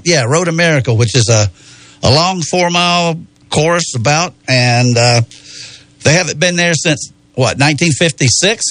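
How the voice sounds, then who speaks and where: A man hosting a casual racing chat, easygoing and a bit halting as he runs through everyone's picks. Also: fairly high pitch, fairly bright tone, no room sound. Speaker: host.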